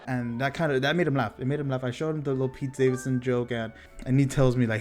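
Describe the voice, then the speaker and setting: A man's voice: mid-range voice, fairly even intonation, fast, a little mellow, soft background music. A young man from Texas telling a casual storytime vlog, rambling and profane with a self-mocking streak. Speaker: vlogger.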